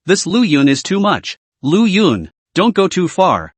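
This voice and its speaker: A man's voice: high voice, sing-song, unhurried, dry recording, pitched above the performer's own voice, exaggerated voice. A man voicing an arrogant, humiliated male union president in a comic recap, speaking defiantly through clenched teeth. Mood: seething.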